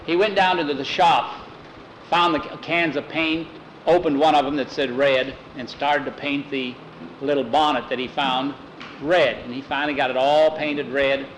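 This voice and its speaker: A man telling a story aloud, lively and doing voices for each character. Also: medium pitch, moderate pace, slight background noise, low-quality recording. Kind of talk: oral storytelling.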